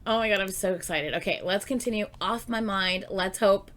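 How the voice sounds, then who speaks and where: A woman reacting to an album in casual commentary, gushing and excitable, heavy on fillers and the odd swear. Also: medium pitch, brisk. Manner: chatty filler-heavy talk with many "like"s. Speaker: music reaction YouTuber.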